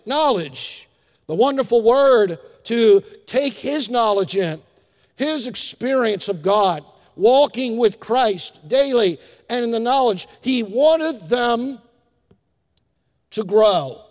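Older male pastor, high voice, folksy emphatic sermon, long hall reverb. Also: animated, slow pace. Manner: folksy storytelling, emphatic, varies loudness.

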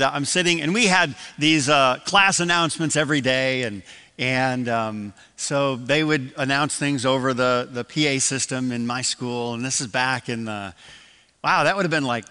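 An older pastor from Michigan, USA, preaches an evening sermon in a church sanctuary, telling a story with many restarts and asides. His mid-range voice has a sharp tone, and the big room is audible in the sound.

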